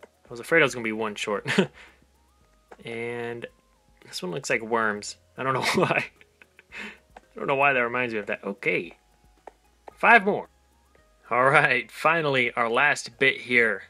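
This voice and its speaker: A man's voice: mid-range voice, moderate pace, long pauses, pushed and bright. A man casually narrating his own game as he plays, rambling with frequent ums and little laughs. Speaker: gaming channel host. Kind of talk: casual let's play commentary.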